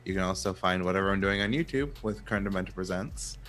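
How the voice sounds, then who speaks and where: A man's voice: sits low, brisk, fairly bright tone. A man introducing himself as a tabletop game player, chatty and spelling things out. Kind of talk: casual self-introduction.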